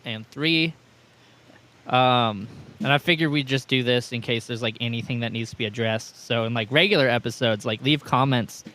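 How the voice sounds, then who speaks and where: A man with a bright, forceful voice hosts a loose aftershow chat. He rambles through his thoughts, swears freely and laughs often. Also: medium pitch. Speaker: podcast host and editor. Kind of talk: casual chat.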